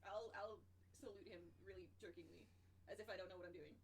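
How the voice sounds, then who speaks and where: A woman's voice: on the low side, quick pace, breathy edge. A woman playing in a tabletop game, casual and giggly, laughing often. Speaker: player.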